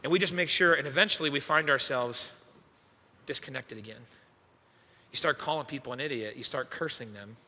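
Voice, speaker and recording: A young adult man, a youth pastor, preaching a sermon as an animated, self-mocking storyteller. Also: mid-range voice, brisk, long pauses, in a large hall. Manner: animated, self-mocking storyteller acting out his own past lines. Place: church hall.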